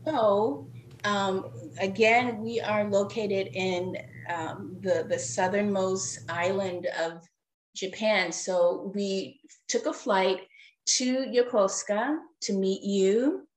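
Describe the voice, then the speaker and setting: A woman's voice: mid-range voice, slow pace, reverberant, slight background noise, poor audio. A mother speaking as a guest in a podcast interview, earnest and rambling, fighting back tears as she talks. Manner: earnest, rambling with many fillers. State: tearful. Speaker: guest parent. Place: living in Japan.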